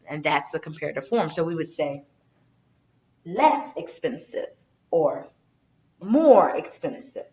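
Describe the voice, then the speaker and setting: A woman teaching an English grammar lesson in a classroom, lively and stressing example words slowly. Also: medium pitch, reverberant, lo-fi sound. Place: classroom, moving between boards.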